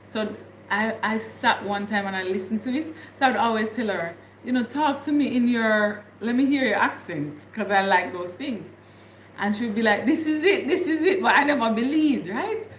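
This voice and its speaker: A Jamaican woman with a Jamaican accent hosts a livestream, chatting casually with viewers and laughing often. Her mid-range voice has a roomy sound, with slight background noise.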